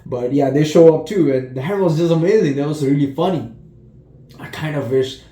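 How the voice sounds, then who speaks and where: A man's voice: a little high, normal speed, mellow. A man giving a casual, rambling spoken movie review. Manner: rambling, with frequent restarts and laughter. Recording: roomy echo.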